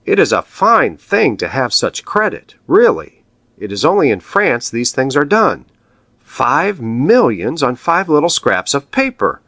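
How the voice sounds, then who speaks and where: A man voicing a cool, ironic wealthy male count who speaks politely and measuredly, gently mocking. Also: mid-range voice, huge pitch swings, measured pace, no room sound, pitched above the performer's own voice, full character voice.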